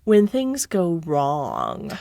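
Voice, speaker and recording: A woman's voice: low voice, wildly swooping pitch, drawn-out words, gravelly, dark tone, dry recording, clean studio sound. A middle-aged woman telling a story as a podcast guest, laughing often and acting out the people she quotes. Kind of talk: casual storytelling.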